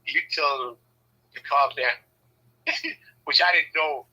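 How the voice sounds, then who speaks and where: A man from Southern California telling personal stories in a casual, animated way, swearing freely and acting out the voices he quotes. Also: fairly high pitch, slow, dull audio, slight background noise. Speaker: speaker sharing personal stories. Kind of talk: casual storytelling.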